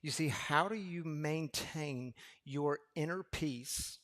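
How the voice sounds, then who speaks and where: A male pastor preaching a sermon in a conversational way, asking the congregation questions and moving between loud emphasis and hushed storytelling. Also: a little high, takes it slowly.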